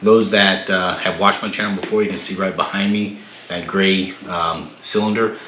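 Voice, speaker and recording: Male tech host, deep voice, casual unboxing, echoey room with faint hiss. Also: moderate pace. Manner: relaxed, many fillers and restarts. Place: home room.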